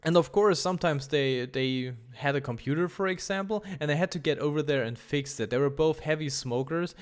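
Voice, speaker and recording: A man's voice: a little high, brisk, smooth. A man narrating a storytime over gameplay in a rambling, exaggerated, disgusted way, full of fillers. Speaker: gaming commentator.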